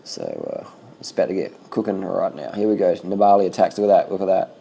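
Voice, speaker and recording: A man giving casual, excitable running commentary over bike race footage, swearing freely and repeating himself. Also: deep voice, a little fast, vocal fry, breathy edge.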